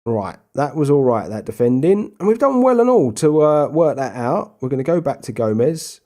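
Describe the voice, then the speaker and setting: A man in his young adult years talks through a football management game, chatty and relaxed, his voice sitting at an ordinary middle pitch. He rambles along casually, then bursts into loud, excited play-by-play when something goes his way. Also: normal speed. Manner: chatty, bursts into excited shouting over goals. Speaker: gaming YouTuber. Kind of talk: casual Let's Play commentary.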